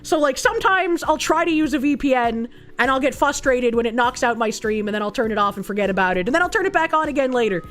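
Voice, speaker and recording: Boston girl streamer ranting, cussing a lot, high voice that swings all over, faint music behind. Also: animated, fast talker, hardly any pauses, fairly bright tone. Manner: blunt, profane and ranting. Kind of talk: casual livestream commentary.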